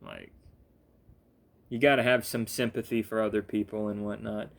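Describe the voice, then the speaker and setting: A man's voice: on the low side, little pitch movement, normal speed, gravelly. A young man, sleepy, ranting casually with lots of fillers, restarts and swearing. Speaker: gaming vlogger. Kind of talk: casual rambling rant.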